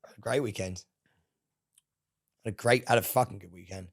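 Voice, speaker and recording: A man's voice: lowish voice, normal speed. A man co-hosting a podcast, telling a rambling story in casual chat, laughing and swearing often. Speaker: podcast co-host.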